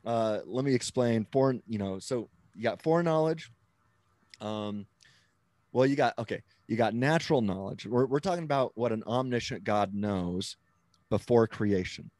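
A Christian author and apologist, interviewed conversationally, explains theology step by step, restarting as he goes and often checking in with "right?". His mid-range voice is slightly mellow, at a moderate pace, with no room sound.

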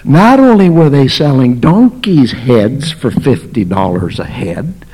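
A man preaching a sermon as pastor, telling a story dramatically, swinging from shouts to near whispers. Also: mid-range voice, animated, measured pace, breathy edge. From United States.

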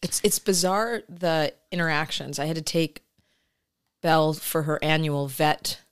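A woman's voice: low voice, steady tone, measured pace, clear, resonant tone. A woman co-hosting a podcast in casual chat, telling stories in a conversational way. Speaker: podcast co-host.

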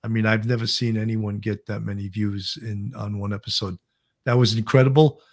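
A man's voice: on the low side, level tone, fairly quick. New guy co-hosting a live stream, chatty, rambling through viewer comments. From Brooklyn, New York. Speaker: co-host. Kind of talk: casual live-stream chat.

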